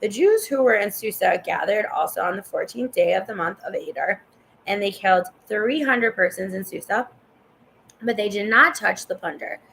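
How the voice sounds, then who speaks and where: A woman's voice: medium pitch, moderate pace, creaky, a bit bright, slight background noise, rough recording. A woman reading scripture aloud in a casual way, stumbling over hard names and stopping to cough. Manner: stumbles over names, chatty asides to the viewer. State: coughing and yawning. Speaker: Bible reader.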